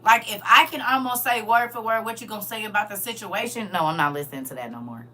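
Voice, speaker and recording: A woman's voice: mid-range voice, fast. A middle-aged woman chatting bluntly and animatedly to her live viewers as host. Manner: blunt, animated, talks to her audience as y'all and baby. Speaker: livestream host. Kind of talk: casual chat to viewers.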